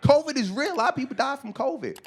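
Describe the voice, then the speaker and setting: A man in his forties performing a stand-up comedy set. He is profane and animated, acts out voices and shouts his punchlines. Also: extremely high pitch, fast, husky. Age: 40s. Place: comedy club stage.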